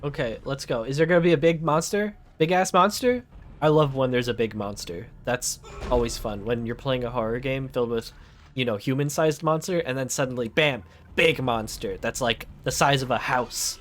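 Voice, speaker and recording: A man's voice: mid-range voice, moderate pace, a bit bright. A man streaming a horror game, joking sarcastically and talking back to the game. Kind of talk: gaming commentary.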